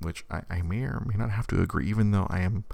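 A man's voice: sits low, fast talker, creaky, a little mellow, no echo. A man in his thirties chatting casually as a podcast host, rambling with many stammered restarts and frequent laughs. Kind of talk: casual chat.

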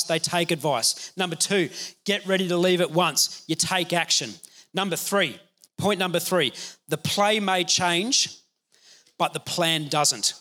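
Male pastor, fairly high and bright voice, lively conversational preaching. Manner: energetic, conversational preaching with laughs. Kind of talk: sermon.

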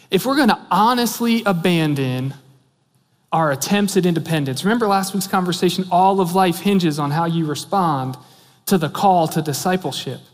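A man preaching a sermon as pastor, earnest and emphatic, asking many rhetorical questions. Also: high-pitched. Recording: long reverb of a large hall.

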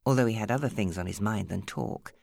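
A woman narrating an abridged novel as an audiobook, in an expressive, measured storytelling manner. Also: a bass voice, vocal fry, dry recording.

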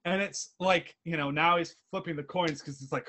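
A young man chatting casually as co-host while watching a movie, animated, swearing and laughing a lot. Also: fairly high pitch, moderate pace. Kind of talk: casual movie commentary chat.

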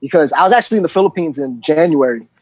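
A man who is a DJ guest, talking in a relaxed way with frequent ums and laughs. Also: on the high side, racing, no room sound. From New York. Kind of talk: casual chat.

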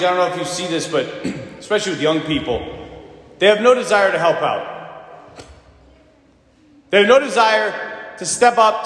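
A priest giving an emphatic sermon, telling stories and asking rhetorical questions in a church. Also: male voice, high voice, a bit bright. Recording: echoey church with long reverb.

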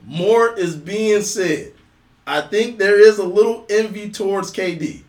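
A man's voice: sits high, measured pace, darkish tone, roomy sound. A man in a casual sports debate, telling it insistently and swearing freely.

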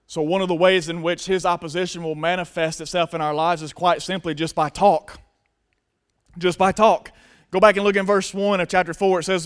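High-voiced man preaching a sermon. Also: flat delivery, a little fast, clean tone. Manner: earnest, shifts from hushed to loud emphasis. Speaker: pastor.

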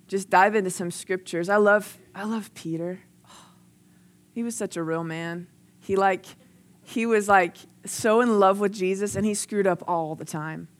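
A young adult woman gives a sermon in a relaxed, conversational way. Her voice sits in a middle pitch, and she talks with earnest warmth of conviction. Now and then she acts out the people she quotes. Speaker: preacher.

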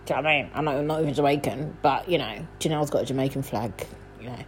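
A young woman, hosting a casual solo podcast from home at night, rambling and chatty with lots of fillers and laughs, talking quietly. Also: a bass voice, fast talker, slight background noise, low-quality recording. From London. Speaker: podcast host.

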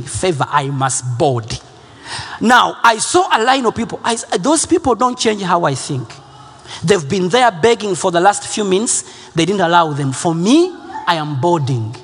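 A man preaching a sermon, emphatic and repetitive, rising at times to shouts. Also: on the high side, husky, long reverb tail.

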